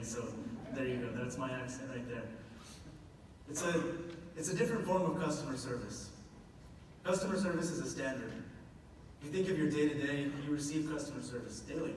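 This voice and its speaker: Brief: an earnest male speaker in a long-reverb hall, faint room noise behind. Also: mid-range voice. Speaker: public speaker from a government office. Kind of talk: prepared public talk. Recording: echoey hall from far off.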